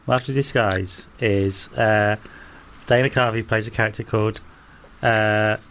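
A man co-hosting a casual podcast chat, easygoing and a bit halting. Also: on the low side, fairly even intonation, a bit bright, a little hiss or hum.

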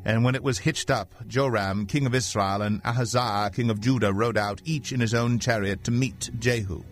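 A man narrating a scripture passage in a steady, even reading voice. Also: mid-range voice, normal speed.

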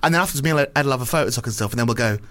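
A man's voice: medium pitch, very fast. A man, a comedian and podcast host, telling anecdotes in casual chat, swearing freely and acting out what others said. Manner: animated storyteller, swears freely, acts out quoted voices.

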